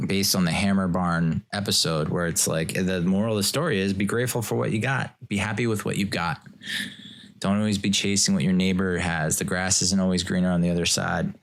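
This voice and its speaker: A man's voice: sits low, vocal fry, a bit bright. A man hosting a casual solo podcast, rambling and joking, often chuckling as he talks. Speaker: podcast host.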